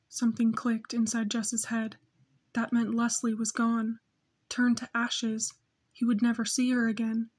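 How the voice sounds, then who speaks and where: A woman reading a novel aloud in steady, measured scripted narration. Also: a little high. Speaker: audiobook narrator.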